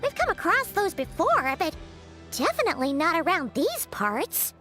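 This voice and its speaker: A woman voicing a hyper, excitable young friend in a game, bouncy and full of exclamations. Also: very high voice, moderate pace, full character voice. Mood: excited. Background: game music.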